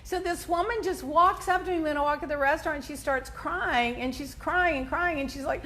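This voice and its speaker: High-pitched woman host, animated storyteller who laughs a lot and mimics people. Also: a little fast, few pauses, a little hiss or hum. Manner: animated, laughs often, acts out quoted people. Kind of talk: chatty personal storytelling.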